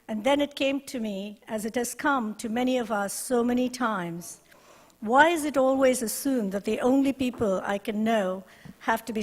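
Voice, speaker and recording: A woman directing a university resource center, giving an earnest, measured ceremony speech with deliberate pauses. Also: fairly high pitch, long reverb tail. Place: ceremony hall.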